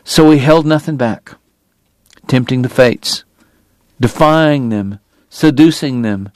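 A man reading a novel aloud as a measured, dramatic audiobook narrator. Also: medium pitch, darkish tone, dry recording, studio quality. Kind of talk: scripted narration.

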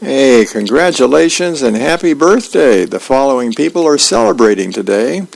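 A man's voice: medium pitch, animated, normal speed, gravelly, low-quality recording. A man, a volunteer reader, reading the newspaper aloud on the radio with small stumbles.

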